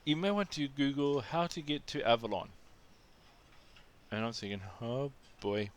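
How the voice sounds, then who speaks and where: Smooth-voiced man telling a rambling story. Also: medium pitch, lively intonation, normal speed. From Australia. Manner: rambling, frequent restarts and asides. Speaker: vlogger telling anecdotes. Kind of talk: casual storytelling monologue.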